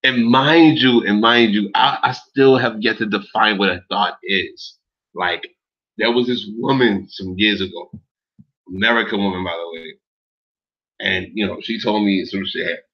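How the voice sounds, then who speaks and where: A man's voice: lowish voice, moderate pace. A man hosting a casual livestream, rambling and swearing in street slang as he answers his viewer chat. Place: indoors in Los Angeles. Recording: dull lo-fi stream audio.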